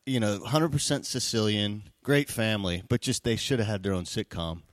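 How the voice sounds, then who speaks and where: A man from the San Francisco Bay Area, a comedian, telling anecdotes on a podcast in a lively, animated way. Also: lowish voice, moderate pace, no echo, studio quality. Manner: animated, tells anecdotes with put-on voices. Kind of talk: storytelling on a podcast.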